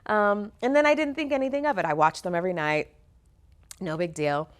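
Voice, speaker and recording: A middle-aged woman, an actor and singer, telling stories from her career in an interview. She is animated, laughs often and acts out the voices of people in her stories. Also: medium pitch, brisk. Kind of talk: conversational interview storytelling.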